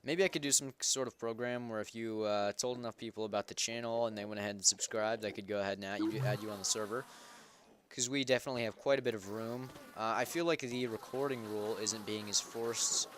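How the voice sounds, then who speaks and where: A man's voice: lowish voice, steady tone, fast talker, slight background noise. A young man hosting a game server, giving casual gameplay commentary in a rambling, self-correcting way. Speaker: Minecraft server host.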